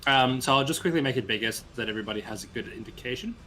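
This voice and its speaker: A man's voice: medium pitch, rapid-fire, bright, forceful tone. A man narrating scenes and calling for rolls as game master, encouraging the players. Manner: descriptive, encouraging, with fillers.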